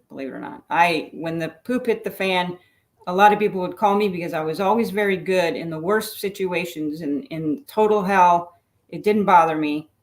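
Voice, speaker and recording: A middle-aged woman, a retired police lieutenant, telling her story as a guest in a candid, self-deprecating way. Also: lowish voice. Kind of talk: casual interview talk.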